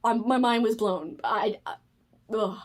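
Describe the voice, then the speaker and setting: Woman, casual chat, gushing, higher pitched, lots of fillers. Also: a little slow. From United States. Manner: animated, gushing, frequent fillers. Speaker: book video creator.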